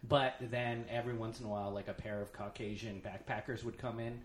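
A man's voice: on the low side, steady tone, brisk, reverberant, slight background noise. A man hosting a podcast, telling rambling stories full of fillers in casual chat. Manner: rambling, laughing storytelling with many fillers. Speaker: podcast host.

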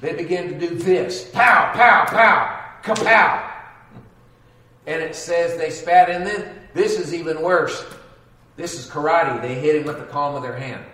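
Male pastor, sermon, dramatic, fairly high voice, recorded from a distance. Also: steady tone, moderate pace. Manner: dramatic, acts out quotes and sound effects. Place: church sanctuary. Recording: echoey church recorded from afar.

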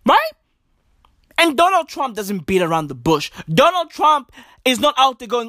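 A young man with street rants in a bright, lively voice that leaps up and down in pitch. He takes his time, leaning on each profane punchline, heard dry and close. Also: unhurried, no room sound. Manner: animated, profane slang-heavy ranting with mock impressions. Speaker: comedic commentator. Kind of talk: profane comedic rant.

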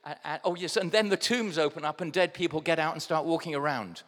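An English man preaching a sermon to his congregation, animated and direct, dropping to a hush and then bursting out loud. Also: fairly high pitch, fast talker, in a large hall. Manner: addresses congregation directly as guys. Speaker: pastor. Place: church hall.

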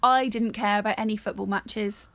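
A woman co-hosting a casual film chat, animated and jokey, often acting out lines. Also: medium pitch, normal speed. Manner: animated, jokey, acts out lines in put-on voices. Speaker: podcast co-host.

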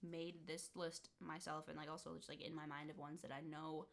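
A woman's voice: low-pitched, level tone, fairly quick, vocal fry, slight background noise. A young woman chatting casually about horror movies, rambling with lots of fillers and laughs. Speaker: podcast co-host. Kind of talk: casual chat.

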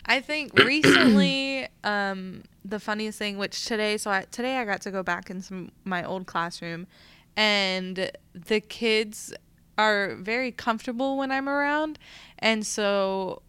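A young woman with a smooth, clear voice chats on a podcast about her students. She is thoughtful and laughs easily. The sound is close and dry. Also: medium pitch, unhurried, fairly bright tone, no room sound. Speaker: teacher, podcast co-host. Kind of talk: casual chat.

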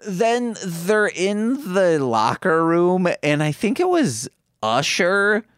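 Give me a relaxed, slow-talking podcast co-host retelling movie scenes, pitch jumping around, recorded dry. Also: clean tone, dry recording. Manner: animated retelling of scenes, acting out characters. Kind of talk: casual movie chat.

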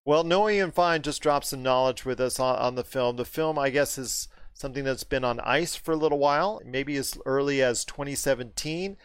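A man hosting a casual movie chat, getting animated and rising in pitch when something puzzles him. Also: normal speed, few pauses, clear, resonant tone, no room sound. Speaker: podcast host.

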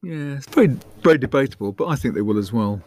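A man as a podcast guest, chatting casually in quick, musing remarks. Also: medium pitch, animated, a little mellow, a little hiss or hum. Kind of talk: casual chat.

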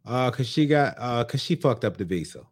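A man's voice: mid-range voice, normal speed, no room sound. A man co-hosting a podcast, chatting casually about a reality show and acting out what the people on it said. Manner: animated storytelling, acting out quotes. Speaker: podcast co-host. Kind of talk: casual reality-TV recap chat.

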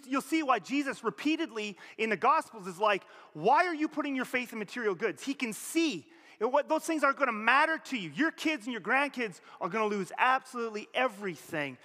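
Animated high-voiced man preaching in a hall. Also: a little fast, hardly any pauses. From Canada. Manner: animated, conversational preaching with sudden rises and drops in pitch and volume. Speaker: pastor. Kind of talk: sermon. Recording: long hall reverb.

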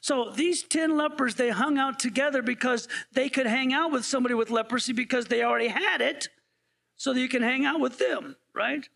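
High-voiced gravelly male pastor preaching. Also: brisk, a bit bright. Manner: conversational, asks the congregation playful questions. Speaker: interim pastor. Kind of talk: sermon.

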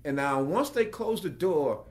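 A man, a working actor, telling an anecdote as a guest and acting out the voices of the people in it. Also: a little slow. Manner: lively, acts out quotes with big pitch jumps. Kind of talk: animated storytelling.

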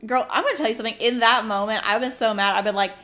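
A woman co-hosting a podcast, tossing in quick, profane reactions during casual chat. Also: fairly high pitch, a bit bright. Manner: quick reactive quips, swears. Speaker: podcast co-host.

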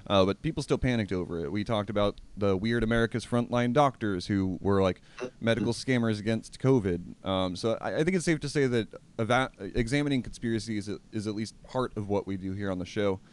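Male podcast host, smooth clean tone, chatty, laughs a lot, casual delivery. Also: on the low side. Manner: chatty, laughs often, quick restarts. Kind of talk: casual history podcast chat.

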